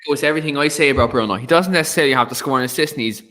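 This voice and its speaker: A man's voice: medium pitch, rapid-fire, sharp tone. A man hosting a casual football chat, reading out viewer comments between filler words. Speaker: host.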